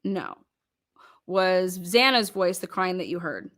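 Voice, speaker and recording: A woman's voice: fairly low pitch, very animated, a bit bright. A woman commentator acting out a cross-examination, firing pointed questions one after another. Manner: rapid-fire pointed questioning.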